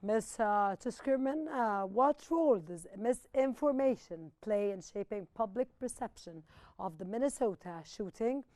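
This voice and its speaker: A woman's voice: mid-range voice, lively intonation, warm tone, dry recording. Formal woman news anchor, dry studio sound. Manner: formal, quick to interrupt guests. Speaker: news show host. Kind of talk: live interview hosting.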